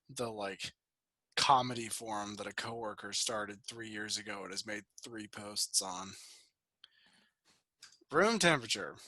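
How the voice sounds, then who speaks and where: A man's voice: on the low side, bright, forceful tone, dry recording. A man in his twenties co-hosting a podcast over a video call, rambling casually and swearing freely. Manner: loose, profane, rambling storytelling. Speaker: podcast co-host. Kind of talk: casual chat.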